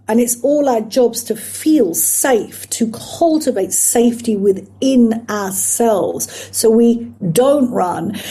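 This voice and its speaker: A middle-aged woman, a psychotherapist and life coach, talking earnestly and slowing down to stress her words. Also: on the high side, dark tone. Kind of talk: reflective coaching talk.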